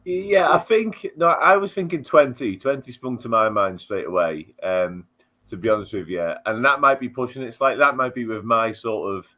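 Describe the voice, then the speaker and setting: A man's voice: mid-range voice, normal speed, pushed and bright. A man on a football podcast panel, giving frank, chatty opinions on a player's future. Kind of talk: casual football chat. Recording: dull lo-fi audio.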